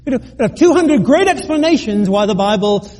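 Middle-aged male preacher, husky high voice, earnest storyteller with wry asides. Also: animated, moderate pace, warm tone. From United Kingdom. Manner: earnest, self-deprecating, with joking asides and stammered restarts. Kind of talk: sermon with personal story.

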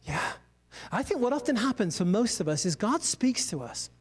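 A pastor with a high male voice preaches as if spinning a yarn over coffee, drifting into casual asides along the way. His words trail off in long reverb like a large church hall, and his pitch swings widely at a normal pace with a breathy edge.

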